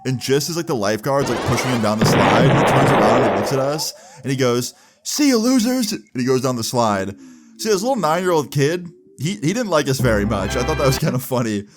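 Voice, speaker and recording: A man's voice: mid-range voice, lively intonation, quick pace. A man in his twenties casually telling a personal story, laid-back and rambling, full of "like" and "right?". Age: 20s. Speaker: storytime YouTuber. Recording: background music under voice.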